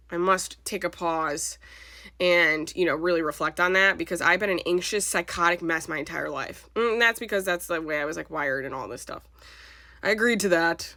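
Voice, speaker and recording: A woman's voice: on the low side, bright, forceful tone, no echo, clean studio sound. A woman in her thirties talking casually about her spiritual channeling, rambling with many filler words and swearing freely.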